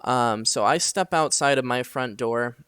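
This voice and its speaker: A young man casually recounting a dream at home at night, halting and full of fillers. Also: mid-range voice, a bit bright, clean tone, dry recording, clean studio sound. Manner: halting, filler-heavy retelling. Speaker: storyteller. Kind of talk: casual spoken dream story.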